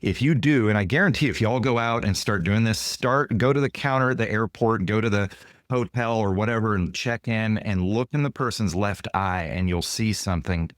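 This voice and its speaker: A man, a guest author and consultant, explaining ideas in an interview with lively stories. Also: lowish voice, fairly quick, no echo, clean studio sound. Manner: animated, acts out dialogue in quoted voices. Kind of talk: storytelling interview answers.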